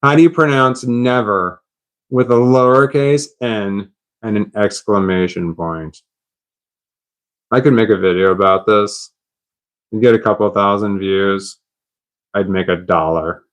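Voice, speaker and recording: A man's voice: on the low side, measured pace, long pauses. A man chatting on a live stream, puzzled and rambling, laughing at himself.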